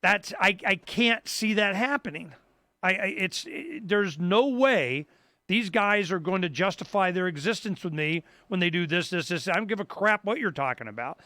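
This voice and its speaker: A man's voice: high-pitched, lively intonation, normal speed, pushed and bright, no room sound, studio quality. An older man hosting a talk radio show, rambling through a story with restarts and acting out the voices of people he quotes. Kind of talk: casual talk-radio monologue.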